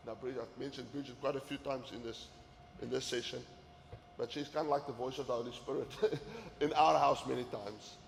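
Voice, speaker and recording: A man's voice: medium pitch, fairly even intonation, fairly quick, creaky, slight background noise. A man giving an earnest sermon-style talk to men, often repeating words as he pushes a point. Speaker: men's ministry teacher. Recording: echoey hall with faint ambience.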